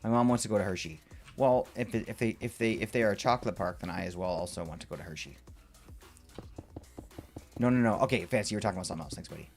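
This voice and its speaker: A man's voice: fairly low pitch, quick pace, long pauses, soft background music. A man streaming live, chatting casually with his viewers as he builds and ranting playfully, sometimes muttering under his breath. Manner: excitable and rambling, reacting to chat with playful rants. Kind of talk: casual livestream chat while building in a game.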